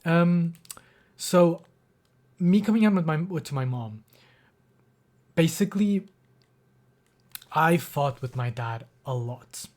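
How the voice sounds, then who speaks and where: This young livestreamer has a highish, expressive voice with a darkish tone, and he talks slowly with frequent pauses. He recounts a personal story in a rambling, emotional way, restarting often, using many fillers, and nearly in tears.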